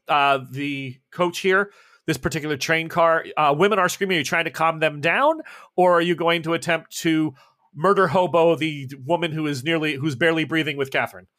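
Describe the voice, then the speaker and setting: A man's voice: on the high side, steady tone, fairly quick, sharp tone. A man running a tabletop horror game as game master, narrating the action with joking asides.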